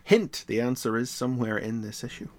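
A man's voice: mid-range voice, a little fast. A man co-hosting a podcast in casual chat, wry and dryly humorous. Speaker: podcast co-host. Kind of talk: casual chat, reading a competition question.

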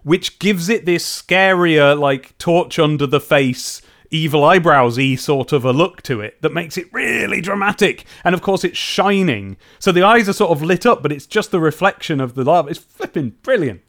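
An enthusiastic man co-hosting a casual podcast, his voice sitting a little high for a man. He talks animatedly and often breaks off mid-thought to restart. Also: animated, moderate pace, hardly any pauses, a bit bright. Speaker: podcast co-host. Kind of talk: casual chat.

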